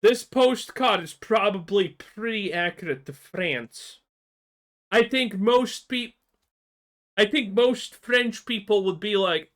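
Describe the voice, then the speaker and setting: Male reaction commentator; high, bright voice; sarcastic and mocking. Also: slow pace. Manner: mocking, sarcastic, stammers into rants.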